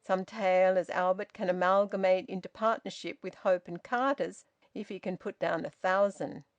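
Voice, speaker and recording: Lady reading as a tired old dad, soft and plaintive, a bit sad, dry close audiobook sound. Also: medium pitch, fairly even intonation, moderate pace, dry recording, dull audio, lightly acted. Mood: soft weary. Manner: melancholy softness, plain dialect speech. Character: weary elderly father, soft and plaintive.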